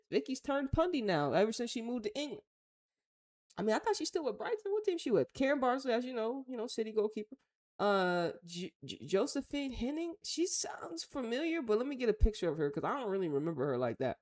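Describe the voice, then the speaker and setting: A woman's voice: medium pitch, a little mellow. A woman with an American accent hosting a casual talk show, reading news aloud and reacting bluntly in slangy, offhand remarks. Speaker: host.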